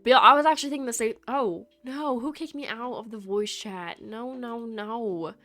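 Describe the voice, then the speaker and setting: A woman's voice: a little high, moderate pace, fairly bright tone, faint music behind. A young woman streaming live, chatting casually with her chat and joking and teasing as she goes.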